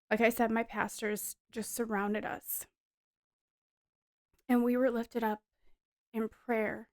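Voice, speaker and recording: This wife's personal testimony comes from a woman in her thirties whose voice sits a little high; she's earnest and emotional, storytelling casually and using lots of fillers. The audio is clean studio quality with no echo.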